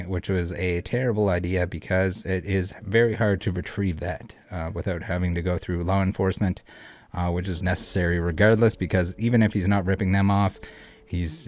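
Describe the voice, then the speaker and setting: A man's voice: deep voice, darkish tone. A man hosting a casual commentary video, talking in a rambling, blunt way with many fillers. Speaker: channel host.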